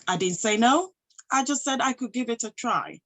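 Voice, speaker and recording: A woman's voice: fairly high pitch, normal speed, fairly bright tone, low-quality recording. A woman giving a motivational talk to an audience, emphatic, posing rhetorical questions and answering them herself. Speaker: motivational speaker and health professional.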